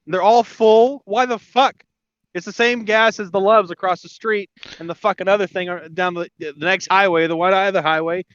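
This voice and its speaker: High-voiced man ranting on a podcast. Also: fairly even intonation, fairly quick, few pauses, a bit bright, clean tone, dry recording. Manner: laughing, ranting casually. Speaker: podcast co-host. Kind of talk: casual podcast chat. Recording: dull lo-fi dry podcast audio.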